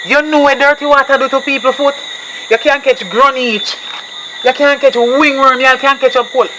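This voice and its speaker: A loud jamaican mom yelling and scolding, high voice, crickets blasting behind. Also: male voice, fairly even intonation, moderate pace. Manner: scolding, shouting in patois. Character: fierce scolding Jamaican mother, loud, strict. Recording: noisy outdoor night recording, loud crickets.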